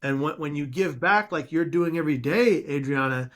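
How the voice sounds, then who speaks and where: A man's voice: fairly high pitch, moderate pace, a bit bright. A man hosting a podcast interview, effusive with praise and often repeating words as he goes. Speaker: podcast host.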